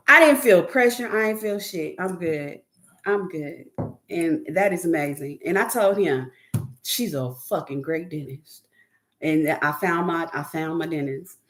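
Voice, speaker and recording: Woman host, casual and profane, very lively pitch. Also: measured pace, slight background noise. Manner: animated, profane, laughs often, mimics others. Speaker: podcast host. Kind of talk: casual storytelling chat.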